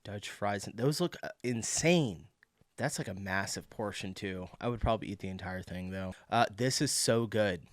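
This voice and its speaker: A man hosting a reaction video, chatting casually in an amused tone with quick asides. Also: fairly low pitch, no echo, soft background music.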